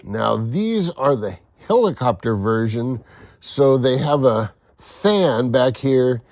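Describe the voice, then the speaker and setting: A man casually talking through his model boat projects in his home workshop, unhurried and rambling, with a self-deprecating humor. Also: medium pitch, animated, background noise. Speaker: model boat hobbyist vlogger.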